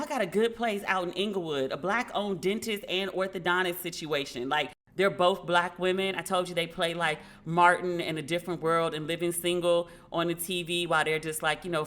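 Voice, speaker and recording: A woman host chatting casually on her podcast. Her voice is bright and forward, and she tells her stories with lively energy, acting out the back-and-forth she quotes. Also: on the low side. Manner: animated storytelling, acting out quoted dialogue. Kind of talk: casual commentary.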